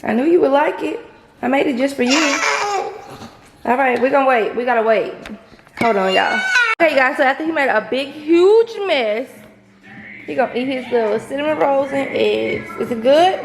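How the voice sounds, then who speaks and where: A woman's voice: high-pitched, normal speed, gravelly, noisy background. A woman vlogging as a mother, teasing her child with a playful, laughing manner. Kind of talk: casual family vlog chat. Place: home kitchen. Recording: echoey room.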